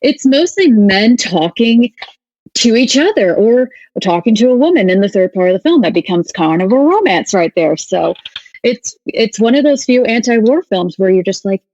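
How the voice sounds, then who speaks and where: A woman's voice: on the high side, very animated, moderate pace, darkish tone, no echo. A woman who is a guest film critic gives her opinions in casual podcast chat, often adding short affirmations. Her voice comes through a slightly muffled, lo-fi, dry recording.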